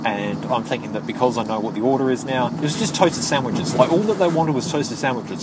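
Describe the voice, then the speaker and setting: Man vlogging from a moving car, fairly low voice, halting rambling delivery, clear road noise behind. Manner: rambling, halting, with frequent restarts. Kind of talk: casual storytelling while driving. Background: vehicle noise.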